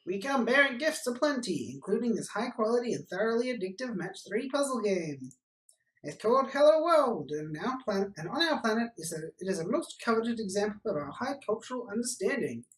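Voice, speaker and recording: A man's voice: big pitch swings, a little fast, fairly bright tone, roomy sound, distant mic, rough recording. Man putting on a pompous alien envoy. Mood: grandiose. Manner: pompous, booming. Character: grand male alien envoy, pompous and salesy.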